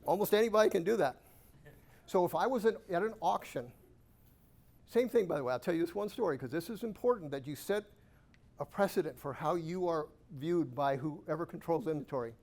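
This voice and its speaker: A man with a somewhat high voice gives a storytelling keynote to a live audience. His delivery is animated and self-amused, full of rhetorical questions and punchy asides. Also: brisk. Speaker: guest speaker at a real estate investor club.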